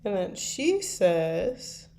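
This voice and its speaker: A woman's voice: medium pitch, very animated, extremely slow, warm tone. A woman chatting casually to viewers on a live stream while she writes fan fiction, rambling and poking fun at herself. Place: at a computer desk. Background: faint keyboard typing and clicks.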